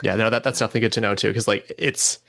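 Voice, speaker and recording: An American man hosting a podcast, relaxed and asking questions, filling his talk with "like". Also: fairly low pitch, very fast, gravelly, no room sound, clean studio sound. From United States. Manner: relaxed, lots of "like" fillers, asks questions. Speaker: podcast host. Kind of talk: casual chat.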